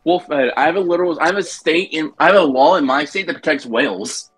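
A man's voice: on the high side, fast, a bit bright, husky. Guy giving hot takes on a game stream, blunt, swears a lot. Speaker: co-host chatting during a game stream. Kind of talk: casual group chat.

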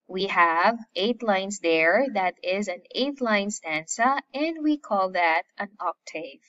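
A woman's voice: mid-range voice, lively intonation, slow, fairly bright tone, lo-fi sound. A woman teacher from the Philippines giving an online literature lesson, patiently explaining and listing terms one by one.

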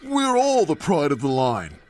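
Huffy proud engine done by a man, pitched way up, music behind. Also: wildly swooping pitch, measured pace, a little mellow. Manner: huffy and sniffy. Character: proud, touchy large male engine.

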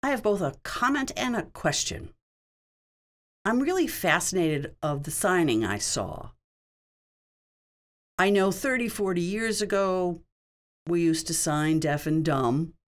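A woman's voice: fairly low pitch, lively intonation, measured pace, long pauses. A woman working as a sign language interpreter, voicing a signed question-and-answer session in a conversational, explanatory way, in short spoken phrases.

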